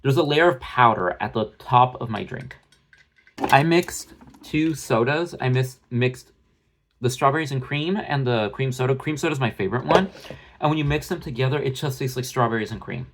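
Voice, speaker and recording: Recorded on his phone with background noise, a man delivers a blunt, profane, rambling rant about an online creator. The drama commentary vlogger speaks at medium pitch and normal speed.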